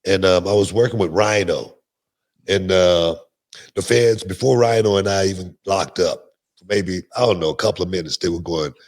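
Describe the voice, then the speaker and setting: Older guy with a lowish voice, chatty and animated, keeps repeating words while he tells old stories. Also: moderate pace. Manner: animated, repeats words, laughs mid-sentence. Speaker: guest. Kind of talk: casual interview storytelling.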